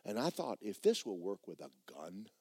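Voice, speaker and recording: A man preaching a sermon, telling stories in an animated, repetitive way. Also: fairly low pitch, moderate pace, slightly rough, no echo.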